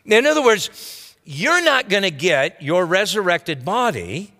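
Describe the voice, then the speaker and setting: Male pastor, high and expressive, conversational sermon, reverberant church sound. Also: unhurried. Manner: lively, conversational preaching with rhetorical asides.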